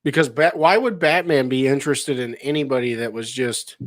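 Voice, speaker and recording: A man's voice: medium pitch, normal speed, no echo. A man co-hosting a podcast in casual chat, telling rambling stories with frequent chuckles. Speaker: podcast co-host.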